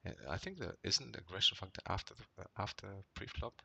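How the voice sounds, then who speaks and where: Low gravelly man rambling through poker hands. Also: big pitch swings, fast talker, bright, forceful tone, muffled recording. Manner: rambling, frequent "right?" tags and fillers; gets worked up and swears when annoyed. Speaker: poker player reviewing his hands. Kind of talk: casual commentary over gameplay.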